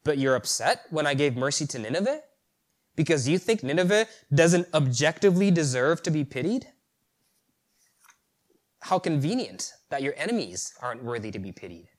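A man's voice: a little high, big pitch swings, moderate pace. A male preacher voicing God as a patient deity, pressing with pointed rhetorical questions. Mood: confronting.

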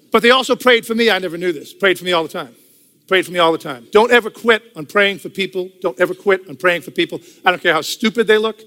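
An older man tells his testimony to a congregation, chatting through the story and driving points home by saying them again and again. His voice sits a little high and comes out bright and forceful. The sound rings with a long reverb, as in a large hall. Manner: conversational storytelling, repeats phrases for emphasis. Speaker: testimony speaker. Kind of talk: church testimony talk.

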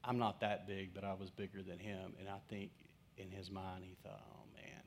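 A man's voice: sits low, level tone, moderate pace, slight background noise. A male pastor preaching through a humorous personal story and acting out the quoted voices of the people in it. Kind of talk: storytelling sermon.

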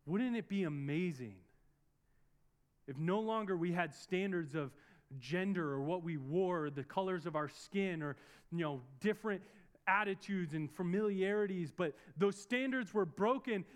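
A man's voice: sits high, moderate pace, clear, resonant tone. A young man preaching a sermon in church, earnest and storytelling, building up to emphatic peaks as he prays. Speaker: pastor. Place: church service in a room.

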